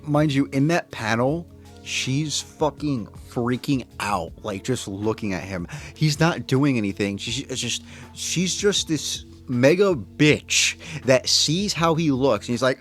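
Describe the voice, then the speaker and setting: A man's voice: medium pitch, animated, measured pace, a bit bright, faint music behind. A man in casual chat, exclaiming and swearing casually while recapping a story.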